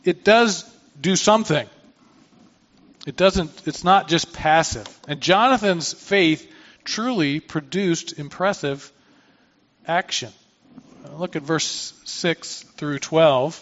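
A man's voice: fairly high pitch, takes it slowly, fairly bright tone. Man preaching a sermon, dull lo-fi sound. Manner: reads scripture then explains with asides and restarts. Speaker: pastor.

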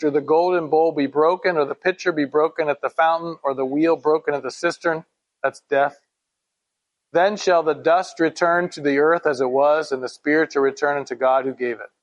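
A man teaching a Bible study in a conversational way, reading scripture aloud and asking his listeners questions. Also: fairly high pitch.

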